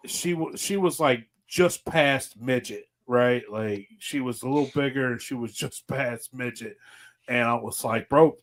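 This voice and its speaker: A man's voice: medium pitch, a bit bright. A man telling rambling, profane stories in a casual podcast chat, often laughing. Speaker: podcast host.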